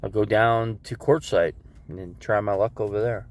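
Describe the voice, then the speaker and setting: A man's voice: lowish voice, steady tone, moderate pace. A man with a stuffed-up nose, rambling casually to his viewers on a live stream about his day. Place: living in an RV.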